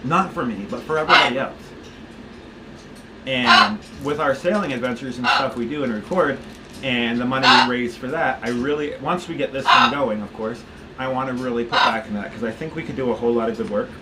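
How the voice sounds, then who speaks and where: A man's voice: medium pitch, a little fast. Man, thirties, casual vlog, rambling restarts, handheld camera, heavy background noise. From United States. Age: 30s. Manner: rambling, restarts often, talks to his pet. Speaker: vlogger. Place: indoors at home, walking around. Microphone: handheld camera on a gimbal.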